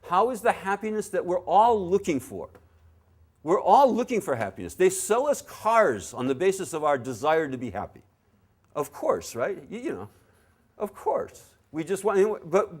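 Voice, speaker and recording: A man teaching a dharma talk to a live audience at a meditation center, animated and acting out little quoted scenes. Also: high-pitched, normal speed, husky. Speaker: spiritual teacher.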